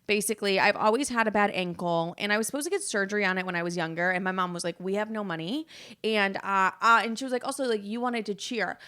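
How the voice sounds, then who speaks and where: A woman in her twenties hosts her podcast with a sharp tone, a medium pitch and a quick pace. The talk is loose and candid, peppered with profanity, and she dramatizes any dialogue she quotes.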